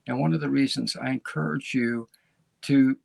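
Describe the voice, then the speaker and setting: A man's voice: medium pitch, fairly even intonation, normal speed, vocal fry, a little mellow. A man hosting his own show, telling stories in a loose, rambling way with many restarts. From United States. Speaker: show host. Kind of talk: casual monologue to camera.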